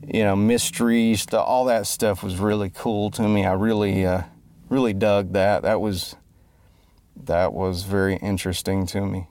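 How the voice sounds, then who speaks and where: Rambling, joking man with a low voice. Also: flat delivery, moderate pace, darkish tone, dry recording. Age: adult, grew up before the internet. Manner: joking, self-deprecating, loses his train of thought. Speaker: musician and entertainer. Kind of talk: rambling self-introduction monologue. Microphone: close mic.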